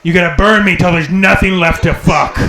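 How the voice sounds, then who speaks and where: A man's voice: high voice, steady tone, a loud crowd. A man playing a rambling old grandpa. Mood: confiding. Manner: halting, confiding drawl. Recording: echoey club room with noise.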